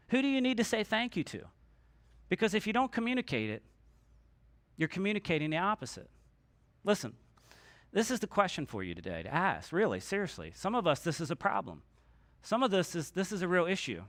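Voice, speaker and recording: A man's voice: sits high, sing-song, fairly quick, fairly bright tone, no room sound. A man preaching a sermon as pastor, in a conversational way, acting out quoted voices and having the congregation repeat lines after him. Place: church sanctuary.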